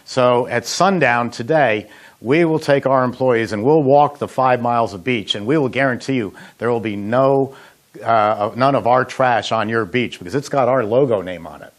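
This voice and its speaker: Medium in pitch and moderate in pace, a middle-aged man who heads an ice cream machine company shows off frozen dessert recipes in his kitchen. He's relaxed and talkative, spinning folksy stories and leaning on "uh" fillers.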